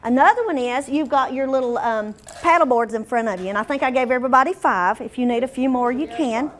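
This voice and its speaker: Interactive woman leading a workshop. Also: high voice. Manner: interactive, quizzes the room and stretches demo words out slowly. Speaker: workshop trainer for paraeducators. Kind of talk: teacher training workshop.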